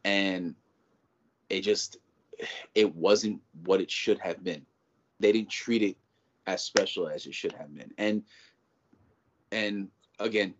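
Low-voiced man ranting in casual chat. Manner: animated, profane, rambling with many restarts. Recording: dull lo-fi audio.

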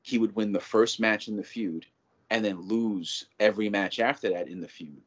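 A man talking in a casual chat as a show's co-host, animated and profane, rambling with lots of restarts. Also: on the low side, moderate pace. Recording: dull lo-fi audio.

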